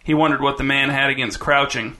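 A man narrates a story in a bright, clear voice, keeping his pitch fairly even. His reading is dry and wry, steady through long sentences. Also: fairly quick. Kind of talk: scripted narration.

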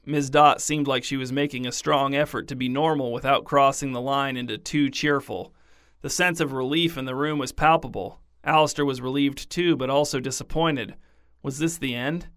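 A man narrating a story in a deadpan, scripted reading. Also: mid-range voice, normal speed, clear, resonant tone, no echo, clean studio sound.

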